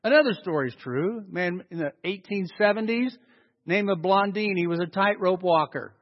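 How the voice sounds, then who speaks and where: A man preaching a sermon as a pastor, telling stories and swinging from loud acted-out quotes to hushed, slow emphasis. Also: high-pitched. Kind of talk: sermon storytelling. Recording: dull sound with long hall reverb.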